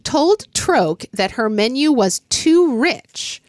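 A woman's voice: high voice, very animated, slow pace, no echo, studio quality. An American woman co-hosting a casual chat show, telling a story with lots of laughter and reading passages aloud. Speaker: podcast co-host.

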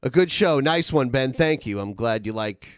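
A man's voice: mid-range voice, animated, moderate pace, clear, resonant tone, dry recording, studio quality. A man hosting a casual podcast, rambling through announcements and reading donation messages aloud with lots of filler words. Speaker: podcast host.

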